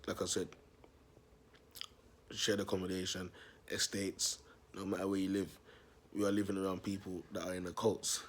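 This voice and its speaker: A young man telling a story in a casual vlog, animated and slangy, laughing often. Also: sits low, slight background noise. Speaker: self-styled prophet vlogger.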